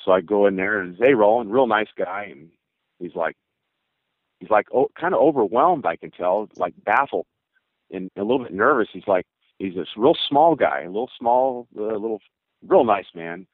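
An older man with a fairly low voice recounts his pitching days in a loose, rambling way. He restarts his sentences and slips into other people's voices as he quotes them. The sound is narrow and phone-like, close and completely dry. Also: expressive, normal speed, no echo. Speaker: former baseball pitcher. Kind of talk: casual spoken storytelling.

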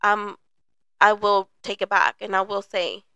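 A woman in her thirties shares her views earnestly on a podcast, her voice gravelly with a lot of fry and bright in tone. She acts out little apologies as she explains herself. The sound is dry and close. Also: medium pitch, steady tone, a little slow, dry recording, lo-fi sound. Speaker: podcast co-host. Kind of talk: casual chat.

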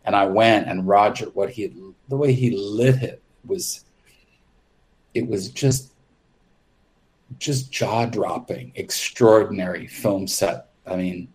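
A man's voice: fairly low pitch, slow pace, a little mellow. A man guest on an interview podcast, candidly recounting his film work in a rambling way with frequent restarts. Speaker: makeup artist guest. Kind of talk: casual interview storytelling.

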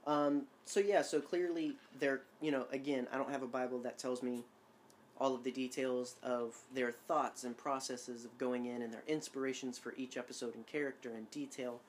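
A man's voice: mid-range voice, steady tone, normal speed, slight background noise. A man co-hosting a casual podcast chat, rambling and self-amused, with many fillers and restarts. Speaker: podcast co-host.

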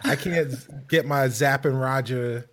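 A man's voice: medium pitch, measured pace, very noisy. A man from Chicago co-hosting a podcast, talking in a laid-back, wry, joking way. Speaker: podcast co-host. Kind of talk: casual podcast banter.

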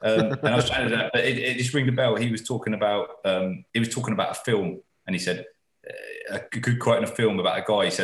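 A man's voice: on the low side, steady tone, fast, reverberant. A man in casual podcast chat as a guest, rambling and swearing casually.

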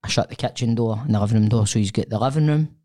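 A man's voice: on the low side, very fast, mellow. A Scottish man in his thirties, co-hosting a podcast in a studio, telling a long rambling story in casual chat with some swearing. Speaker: podcast co-host.

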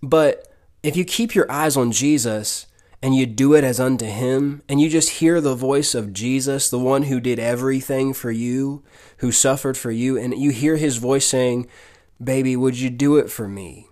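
A man's voice: medium pitch, moderate pace, a little mellow. Earnest man preaching on a podcast. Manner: earnest, preacher-like, addresses listener directly. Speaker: podcast host. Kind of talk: devotional podcast teaching.

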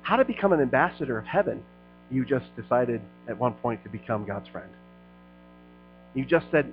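A middle-aged man preaching a sermon as a pastor, talking to the crowd like friends and swelling into loud passionate stretches. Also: medium pitch, expressive, moderate pace, long pauses, phone-quality sound, soft background music. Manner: conversational preaching, rising to loud passionate peaks.

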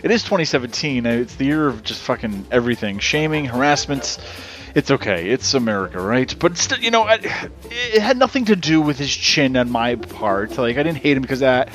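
A man's voice: mid-range voice, lively intonation, normal speed, a bit bright, soft background music. A man hosting a podcast in casual chat, rambling and swearing freely. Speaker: podcast host.

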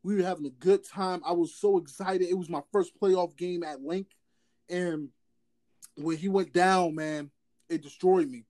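A man's voice: sits high, fairly even intonation, a little slow, darkish tone. A man co-hosting a casual sports chat, emphatic and repetitive, stammering as he starts his sentences. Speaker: podcast co-host.

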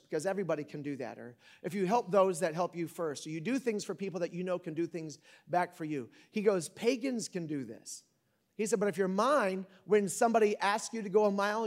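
A middle-aged man preaching a sermon in a conversational, joking way, with sudden loud bursts. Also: sits high. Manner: conversational and joking, with big dynamic swings. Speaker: pastor.

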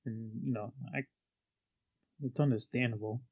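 A man's voice: mid-range voice, moderate pace, husky. Male co-host, supportive and thoughtful, recorded on a muffled lo-fi mic. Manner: calm, supportive, reflective. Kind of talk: casual chat.

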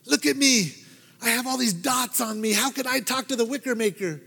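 A man acts out an earnest little wooden boy in a church storytelling, pitched up high and pleading. The voice rings through a big reverberant hall. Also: brisk, creaky, bright, forceful tone, breathy edge, exaggerated voice. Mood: afraid. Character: small eager boy covered in dots.

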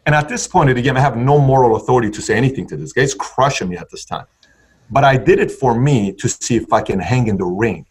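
Husky man with punchy motivational talk. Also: mid-range voice, fast talker. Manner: intense, punchy motivational delivery. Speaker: guest entrepreneur. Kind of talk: storytelling in conversation.

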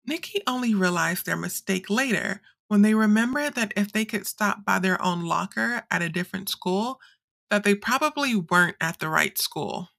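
An actress playing a quirky teenage girl who reads the morning school announcements in an audio drama, with a breezy, deadpan delivery. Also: mid-range voice, moderate pace, vocal fry. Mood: breezy announcing.

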